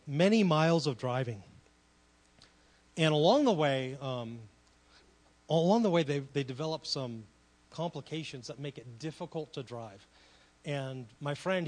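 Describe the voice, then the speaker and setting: A middle-aged man preaching a sermon in a conversational way, dropping to quiet asides and rising to loud, emphatic peaks. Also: on the high side, big-room sound. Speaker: pastor.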